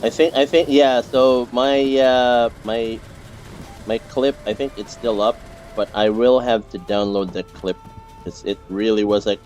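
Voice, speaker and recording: A man's voice: mid-range voice, steady tone, a little slow, darkish tone, faint music behind. Rambling male streamer chatting while gaming. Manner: rambling, repeats words, many fillers and restarts. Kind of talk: casual gameplay chat with teammates.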